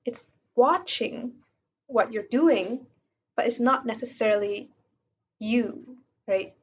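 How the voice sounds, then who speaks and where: A woman's voice: fairly high pitch, slow pace, a little hiss or hum. A woman reading passages from a self-help book aloud and commenting on them in a casual way, with many fillers. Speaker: book reviewer.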